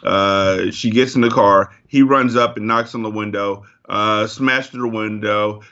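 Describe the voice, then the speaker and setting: A man's voice: lowish voice, fairly even intonation, unhurried, bright, forceful tone, muffled recording. A man in a casual movie review chat, talking in a heated, profane rant.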